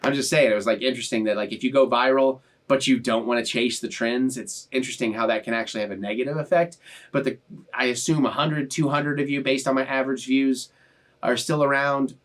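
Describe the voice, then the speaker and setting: A man's voice: mid-range voice, steady tone, a little fast, fairly bright tone. A young man talking to his viewers in a casual, heartfelt, emotional way, rambling and restarting his sentences. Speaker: YouTube reaction channel host. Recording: voice a bit far from the mic.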